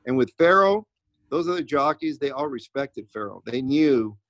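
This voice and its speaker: A man's voice: medium pitch, expressive, moderate pace, fairly bright tone, no room sound. A man who trains racehorses, a podcast guest telling stories in a rambling way with many restarts. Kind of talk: casual interview talk.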